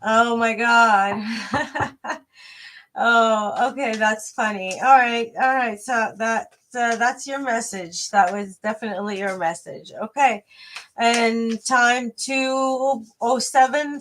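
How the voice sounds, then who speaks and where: A woman's voice: fairly high pitch, takes it slowly, a bit bright. A woman giving a live tarot reading to viewers, hesitant and rambling, with many fillers and restarts, chatty and friendly. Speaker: tarot reader.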